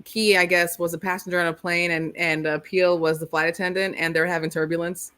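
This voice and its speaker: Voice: mid-range voice, flat delivery, brisk, bright, forceful tone, smooth. A podcast co-host chatting casually over a video call, often trailing off and restarting mid-sentence. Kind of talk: casual chat.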